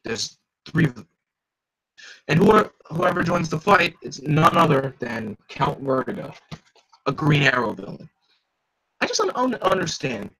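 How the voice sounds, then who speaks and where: A man's voice: on the high side, expressive, a little slow, vocal fry, long pauses, bright, forceful tone, slightly rough, low-quality recording. A man reading a comic aloud live, chatty, stopping often to comment and joke. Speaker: reader.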